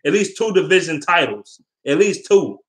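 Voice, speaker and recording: A man's voice: fairly high pitch, very animated, normal speed. A young man in a casual, heated sports rant, swearing a lot and rambling between points. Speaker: sports fan vlogger.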